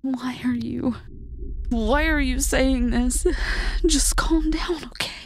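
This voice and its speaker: A woman's voice: high voice, takes it slowly, slight background noise, pitched above the performer's own voice. A woman voicing the frightened narrator herself, speaking in an anxious, urgent, half-whispered way to her double in a storybook horror tale.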